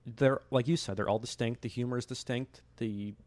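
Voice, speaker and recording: A man's voice: mid-range voice, fairly even intonation, moderate pace, darkish tone, no echo. A man co-hosting a podcast, in casual film chat. He is enthusiastic and rambling, restarting his sentences often. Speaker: podcast co-host.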